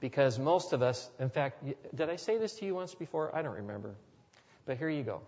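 A man's voice: medium pitch, animated, fairly quick, darkish tone. A man preaching a sermon as a pastor, earnest and building to emphatic repetition. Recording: long hall reverb, dull lo-fi sound.

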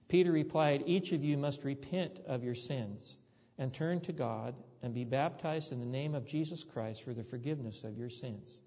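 A man's voice: a little high, a little mellow, long reverb tail, highs cut off. A man preaching a sermon, telling a story in a conversational way that rises to emphatic peaks.

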